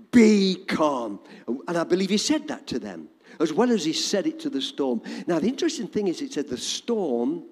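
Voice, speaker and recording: A man preaching a sermon to a congregation, dramatic and animated. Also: fairly high pitch, breathy edge, in a large hall. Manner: animated, dramatic, shouting quoted lines.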